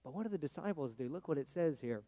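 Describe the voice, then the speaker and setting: Male pastor, sermon, high voice, chatty delivery with big shifts between loud and hushed, long hall reverb. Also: expressive, quick pace. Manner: conversational preaching, swinging from loud to hushed.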